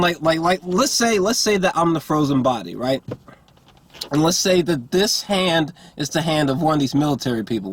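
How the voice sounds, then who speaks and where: A man's voice: fairly high pitch, a little hiss or hum. A man giving a casual, rambling movie review, exasperated and profane, full of fillers and restarts.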